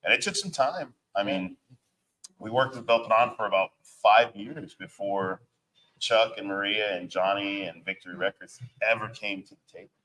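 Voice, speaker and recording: A band member guesting on an interview show tells loose, casual road stories, swearing freely and using plenty of fillers. His voice is lowish with a sharp tone at normal speed, and the audio quality is poor.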